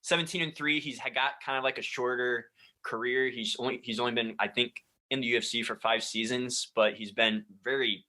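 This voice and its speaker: A man co-hosting a sports podcast, walking through the week's news in a loose, filler-heavy way. His voice is bright and forward, at a middle pitch. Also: fairly even intonation, fairly quick, low-quality recording. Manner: explanatory, full of fillers like "like" and "kinda". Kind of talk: casual sports chat.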